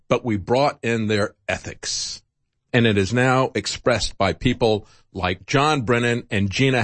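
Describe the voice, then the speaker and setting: A man's voice: mid-range voice, no echo. A man giving opinionated political commentary as a talk show host, impassioned and emphatic, with frequent fillers.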